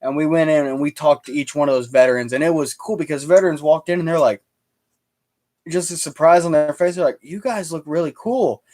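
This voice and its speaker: Male streamer, casual anecdotes, slightly high voice, stumbling delivery. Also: fairly even intonation, fairly quick, darkish tone. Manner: storytelling, stumbling restarts. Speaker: livestream host. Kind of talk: casual chat.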